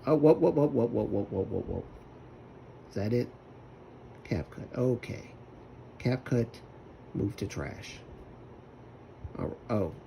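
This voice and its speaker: Low gravelly man rambling on stream. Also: background noise. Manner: rambling, self-talking. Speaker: livestreamer. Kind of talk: casual stream chat while using a computer.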